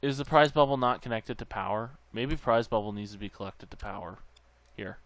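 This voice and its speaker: A man's voice: fairly low pitch, a little fast. A man hosting a gameplay channel, muttering to himself as he tinkers, with bursts of goofy sing-song nonsense. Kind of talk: casual gameplay commentary.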